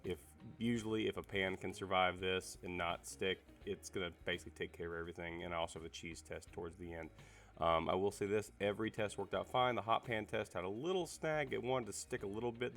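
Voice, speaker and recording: Deep monotone guy, raspy cuz he's sick, rambling about a pan, quiet music behind. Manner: relaxed, rambling with fillers and restarts. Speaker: cookware reviewer. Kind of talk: casual product review.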